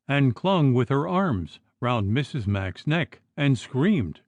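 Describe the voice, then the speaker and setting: A man narrating an audiobook in expressive, unhurried storytelling. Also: medium pitch, no echo. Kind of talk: scripted narration.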